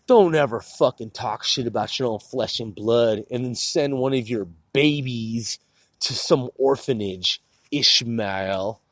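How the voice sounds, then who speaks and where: A man's voice: medium pitch, unhurried, no echo. A man from the Puget Sound area ranting in a heated, profane, repetitive way into a phone. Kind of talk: angry rant to camera.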